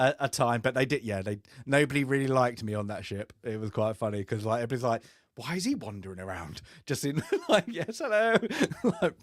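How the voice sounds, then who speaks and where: On a film review podcast, a co-host rambles casually through an anecdote, breaking into frequent laughter and slipping into the voices of the people in his story. His voice sits at an ordinary middle pitch, recorded dry and close with no room sound.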